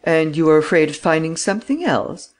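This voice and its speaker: Male reader as stern gentleman sleuth: relentless, pressing, slightly raised pitch. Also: animated, brisk, close to an everyday voice. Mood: insistent.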